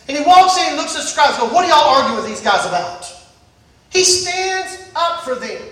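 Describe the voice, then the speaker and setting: A high, bright-voiced preacher delivering a Sunday sermon, repeating phrases and rising into shouts. The voice rings around a very echoey church and is picked up from a distance. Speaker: pastor. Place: church service.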